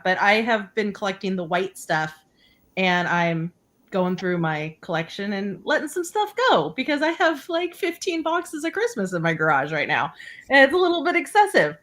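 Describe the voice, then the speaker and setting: Bright-voiced woman presenting vintage items. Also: medium pitch. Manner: easygoing, rambling product talk. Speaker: guest seller. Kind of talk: live sale item presentation.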